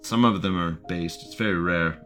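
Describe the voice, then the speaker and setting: A man hosts a live show in a low voice with a fairly bright tone and a measured pace, faint music playing behind him. His casual commentary rambles, and he laughs often, repeats himself and reads out chat messages mockingly.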